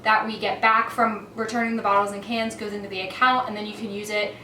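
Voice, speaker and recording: Woman, casual vlog chat, rambling, trails off softly, echoey kitchen, heard from across the room. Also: mid-range voice, level tone, quick pace, a little hiss or hum. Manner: rambling, often trailing off soft and quiet. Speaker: cleaning vlogger. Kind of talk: casual chatty vlog narration. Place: her home kitchen, indoors. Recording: echoey kitchen, mic at a distance.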